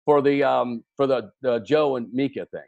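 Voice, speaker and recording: A man with a Kentucky accent, a radio DJ talking as a guest on a video call, animated and self-deprecating, stammering through restarts. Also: mid-range voice, normal speed, vocal fry, muffled recording. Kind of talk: casual video-call conversation.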